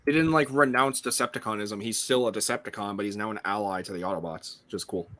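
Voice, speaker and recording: A man's voice: lowish voice, fast, a bit bright. A man co-hosting a casual fan podcast, talking with enthusiasm and laughing often. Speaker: podcast host. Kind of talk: casual chat.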